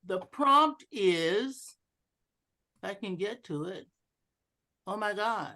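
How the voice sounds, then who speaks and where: This woman speaks slowly in a mid-range voice, pausing often. She's an educational speaker at a club meeting, presenting online with exercises for the audience, and she playfully, animatedly demonstrates various inflections of a single sentence.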